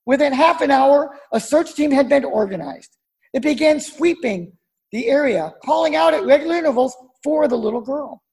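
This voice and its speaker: A woman pastor delivering a sermon in a measured storytelling voice. Her tone sits high with a gravelly, fry-touched edge. She lets key words fall low and quiet for emphasis.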